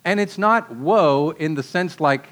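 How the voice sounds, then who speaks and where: A man delivering a sermon with a slightly raised pitch. He talks in an easygoing, conversational way, pausing for rhetorical questions and tossing in casual asides. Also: expressive, a bit bright. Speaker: preacher.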